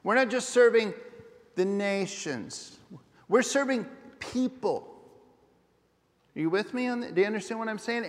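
A man's voice: high voice, long reverb tail. A man preaching a sermon as pastor, earnest and often putting questions to his congregation. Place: church sanctuary.

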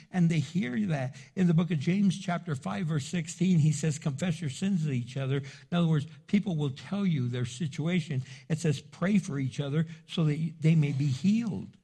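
A man preaching with an earnest, conversational delivery. His voice sits a bit high and has a husky edge. He slips into short acted-out exchanges to make his points. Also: mellow. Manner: earnest, acts out little dialogues. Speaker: pastor. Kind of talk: sermon.

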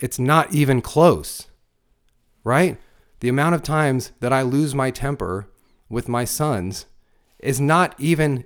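A middle-aged man and father giving blunt, crude life advice in a motivational monologue, full of emphatic rhetorical questions. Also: mid-range voice.

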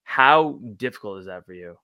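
A man's voice: on the low side, expressive, normal speed, bright, forceful tone, smooth, no echo. A young man hosting a podcast interview, asking curious questions and often restarting his sentences. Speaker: podcast host. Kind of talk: casual interview.

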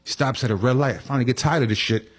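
A man's voice: medium pitch, quick pace. A man hosting a casual podcast, telling stories with acted-out voices and sound effects. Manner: animated storyteller, acts out voices and horn sounds. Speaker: podcast host.

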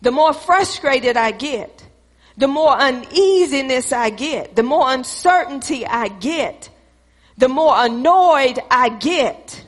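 A woman's voice: sits high, lively intonation, slow pace. A woman preaching a sermon, who acts out both sides of an argument in a repetitive preacherly cadence. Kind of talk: sermon with acted-out dialogue. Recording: long hall reverb.

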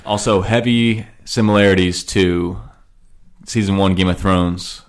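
A man's voice: sits low, fairly even intonation, a little slow. A man co-hosting a podcast, chatting casually and easily, mostly with short agreeing replies. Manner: laid-back, brief agreeing replies. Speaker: podcast co-host. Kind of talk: casual chat.

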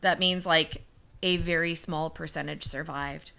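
A woman's voice: deep voice, fairly even intonation, a little slow, vocal fry, pushed and bright, clear, resonant tone. A young woman co-hosting a podcast, casually recounting a disaster story with fillers and the odd curse word. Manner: chatty, swearing, many fillers. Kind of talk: casual chat.

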